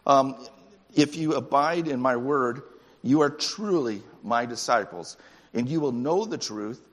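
Man, pastor, sermon, fairly high voice, echoing hall. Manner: animated preaching with rising excited peaks.

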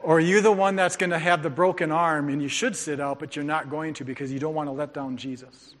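A man's voice: on the high side, fairly even intonation, fairly quick, fairly bright tone, slight background noise. A middle-aged man preaching a sermon, urging and joking like a football coach as he tells stories. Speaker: pastor. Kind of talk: sermon with storytelling. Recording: long reverb of a large hall.

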